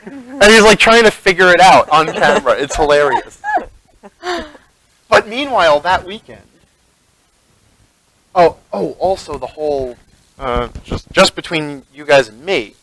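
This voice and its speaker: A man's voice: on the high side, lively intonation, unhurried, pauses often, a crowd in the background, low-quality recording. A man serving as game master, narrating a tabletop game in a rambling, chatty way and laughing often.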